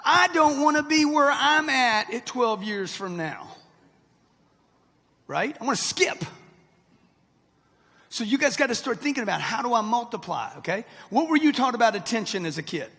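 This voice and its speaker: Brash husky man in his sixties. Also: very high voice, expressive, normal speed, pauses often, bright, forceful tone. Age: 60s. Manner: brash, punchy, talks straight to the crowd. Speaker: motivational speaker. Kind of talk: live motivational speech. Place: large hall with live audience. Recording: long hall reverb.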